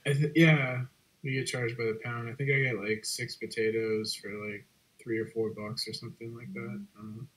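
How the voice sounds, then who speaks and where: A laid-back man talks over a video call, his pitch in the ordinary middle range. He rambles loosely, leaning on "like" and letting sentences trail away. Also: fairly even intonation, normal speed, fairly bright tone, low-quality recording. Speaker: guest. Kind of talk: casual online hangout chat.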